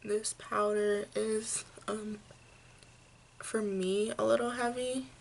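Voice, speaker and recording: Slow, gravelly-voiced woman makeup vlogger. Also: medium pitch, steady tone. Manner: slow, gentle step-by-step explaining with fillers. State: hiccups. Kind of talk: makeup tutorial.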